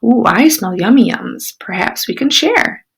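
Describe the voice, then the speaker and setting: A woman's voice: a little high, animated, measured pace, creaky, husky, exaggerated voice. A woman doing a cheerful grinning badger. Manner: cheerful and sharing. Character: friendly grinning badger, generous.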